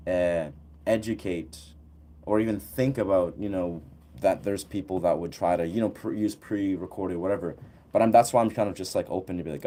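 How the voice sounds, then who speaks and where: A young man with a low, warm voice hosts a casual livestream, answering viewers in loose, rambling talk full of fillers. There's slight background noise.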